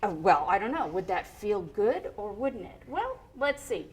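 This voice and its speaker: A woman's voice: mid-range voice, big pitch swings, measured pace. A woman music educator in a studio, explaining rhythm to a child in a chatty, encouraging way.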